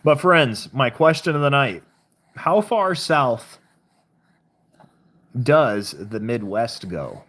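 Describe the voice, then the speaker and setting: Woman, Southern accent, very deep voice, casual livestream host, chatty, reads viewer comments aloud. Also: very animated, slow pace, pauses often. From southern Missouri. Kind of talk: casual live-stream chat.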